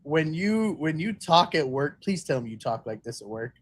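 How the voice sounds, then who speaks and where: Man, high pitch, teasing banter, sports podcast co-host. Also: very animated, moderate pace. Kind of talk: casual sports chat.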